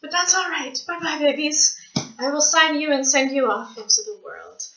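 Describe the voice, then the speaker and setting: A Canadian woman vlogging casually from a small room at home, chatty, rambling and gushing with excitement. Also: high voice, normal speed, echoey room, muffled recording. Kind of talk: casual vlog chat.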